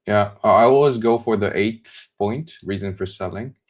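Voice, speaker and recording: A man's voice: fairly low pitch, normal speed. A man helping run the calls, explaining in a loose, casual way. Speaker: co-host sending seller leads.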